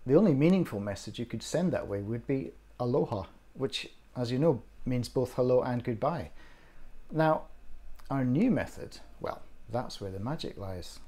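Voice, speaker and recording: A man reads a proud scientist father patiently explaining his work to his daughter in a storybook. The voice is mellow and a little husky, with a lively rise and fall. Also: mid-range voice, normal speed.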